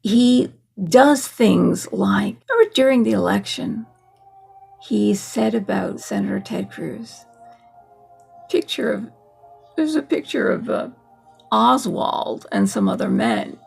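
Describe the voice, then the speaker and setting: A woman's voice: mid-range voice, very animated, slow, gravelly, a little mellow, slightly rough, soft background music. A woman vlogger giving a casual, sarcastic political monologue, laughing at her own points.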